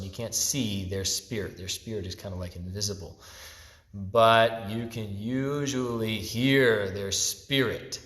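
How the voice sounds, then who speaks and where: A man's voice: medium pitch, unhurried, a bit bright. Male martial arts instructor, casual and chatty, phone-recorded in a big reverberant studio. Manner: chatty, repeats "okay?" to check in, restarts often. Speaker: taekwondo instructor. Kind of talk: casual spoken class instruction. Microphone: phone camera held by a helper. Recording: echoey hall, long reverb.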